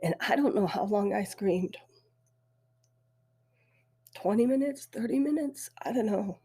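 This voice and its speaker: A middle-aged woman hosting a podcast, telling her own story in a halting, emotional way, her voice thick with tears. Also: medium pitch, warm tone, husky. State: weepy. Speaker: podcast host. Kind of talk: personal storytelling.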